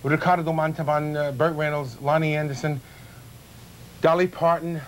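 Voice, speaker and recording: A high-pitched, excitable middle-aged man trading jokes as a guest cook. He talks in quick bursts and breaks into squealing laughs. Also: slight background noise, poor audio. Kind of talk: comic chat while cooking.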